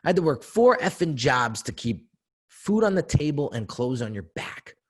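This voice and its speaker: A man's voice: high voice, a little fast, a little mellow, voice pushed up. A man doing his stern Jersey-accented dad. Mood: stern, scolding. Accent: New Jersey. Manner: scolding, emphatic. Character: stern older father, gruff, blunt.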